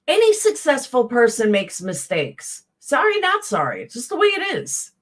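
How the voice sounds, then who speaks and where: A woman's voice: sits high, huge pitch swings, normal speed, fairly bright tone. A woman with a Southern accent giving a blunt, profane, heated commentary rant as a YouTube host, talking to her live chat. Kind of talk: casual ranting commentary.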